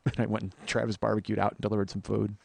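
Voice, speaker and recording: A man telling a profane, animated story on a comedy podcast, acting out what other people said. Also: lowish voice, fast talker, creaky, slight background noise. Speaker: comedian host.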